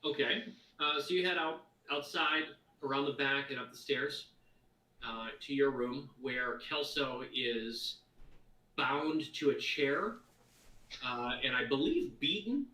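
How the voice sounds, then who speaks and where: A man's voice: mid-range voice, slow, sharp tone. A man narrating as game master, hesitant and full of fillers while he plays a guard captain. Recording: echoey room, voice far from mic.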